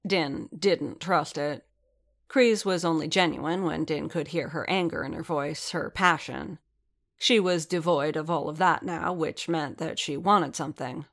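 A woman reading a story aloud as narrator, in an even, steady storytelling manner. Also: low-pitched, a little slow, vocal fry. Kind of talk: fan fiction reading aloud.

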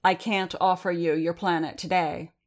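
A woman reading a proud warrior leader rallying her scattered people: a low-set, firm female voice that she raises and slows for weight on each point, with steady authority and no warmth wasted. It is told as an audiobook. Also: lightly acted. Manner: firm, declaiming, slowed for emphasis.

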